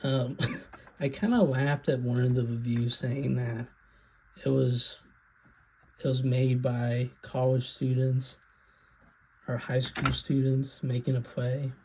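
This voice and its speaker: A man's voice: medium pitch, little pitch movement, slow pace, long pauses, a little mellow, a little hiss or hum, rough recording. A man hosting his own video, giving a casual, rambling rant about films with frequent hesitations. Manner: rambling, hesitant, many ums. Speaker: video host.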